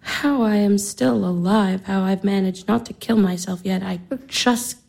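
A woman's voice: medium pitch, a little slow, creaky, a little mellow. An actress playing a young woman in her twenties, weary of her work and full of anguish. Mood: despairing. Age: 20s. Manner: anguished, pleading. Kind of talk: stage drama acting.

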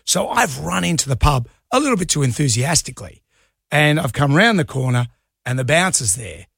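A man's voice: fairly high pitch, sing-song, brisk, creaky, fairly bright tone, slightly rough, dry recording, studio quality. A middle-aged Australian man co-hosting a radio show, telling rambling anecdotes and laughing easily. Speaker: radio co-host. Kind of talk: casual on-air banter. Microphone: studio mic.

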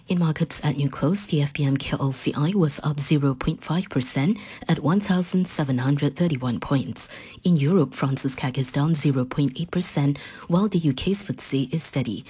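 A woman reading business news and a traffic report on radio in a steady, measured way. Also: deep voice, slightly rough. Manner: steady, measured newsreader delivery. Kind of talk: scripted radio news read.

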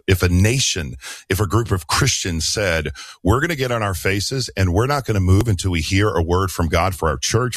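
A man's voice: sits low, no room sound. A man speaking as a radio guest pastor, earnest and emphatic, often repeating words as he builds a point. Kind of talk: radio interview, preaching tone.

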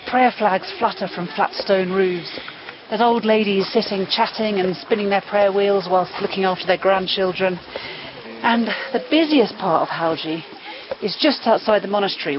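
A woman's voice: mid-range voice, dull audio, noisy background. A woman reporter narrating a documentary on location, descriptive and awed, slightly out of breath. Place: outdoors in a mountain village.

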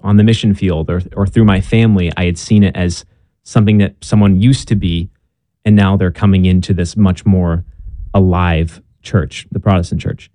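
A young man telling his conversion story in a casual conversation, earnest and halting, with many restarts and fillers. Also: deep voice, steady tone, mellow, no echo. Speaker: guest. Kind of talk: casual conversation about faith.

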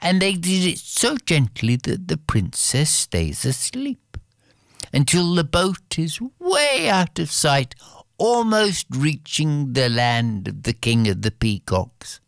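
Slow, deep-voiced woman storyteller. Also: sing-song, dry recording, studio quality. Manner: slow, dramatic, addresses listeners directly. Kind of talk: oral fairy-tale storytelling.

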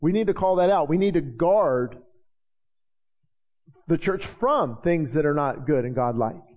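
Brief: male pastor with a high voice and a fervent preaching delivery, recorded in a reverberant church with a dull, lo-fi sound. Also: lively intonation, unhurried. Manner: fervent preaching with repeated phrases. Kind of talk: sermon. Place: church sanctuary.

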